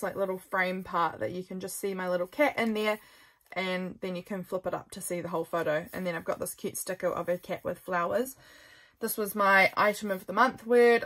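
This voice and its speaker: A young woman talks in an easy, chatty way, at a middle pitch for a woman. She rambles, wanders off track and corrects herself mid-thought, like a relaxed journaling vlogger talking to her viewers. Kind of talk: casual chatty flip-through.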